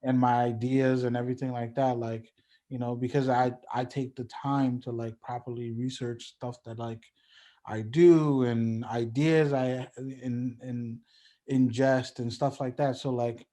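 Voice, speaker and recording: A young man of middle pitch talks easygoing and unhurried as a podcast guest. He keeps filling his sentences with "like" and "you know", circling back to his points in a friendly, rambling way. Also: flat delivery, warm tone. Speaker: guest musician. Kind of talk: casual podcast chat.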